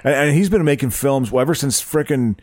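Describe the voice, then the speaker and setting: A man's voice: mid-range voice, brisk, darkish tone, no room sound. A man co-hosting a casual comedic chat, stammering and laughing often as he tells stories. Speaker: podcast co-host.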